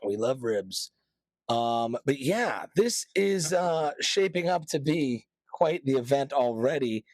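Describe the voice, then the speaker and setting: A man's voice: mid-range voice, animated, slow, no room sound. A man hosting a casual podcast, talking in a loose, joking, promotional way. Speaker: podcast host.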